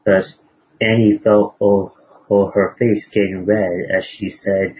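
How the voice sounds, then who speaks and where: Husky man telling a sermon story. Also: lowish voice, level tone. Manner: halting, many fillers and restarts. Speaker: preacher. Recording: dull lo-fi recording.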